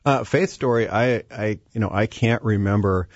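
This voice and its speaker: A man's voice: on the low side, moderate pace, husky, no room sound. A man guest talking about faith in a hesitant way, with many fillers and restarts. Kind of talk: faith-based conversation. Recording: dull, dry lo-fi sound.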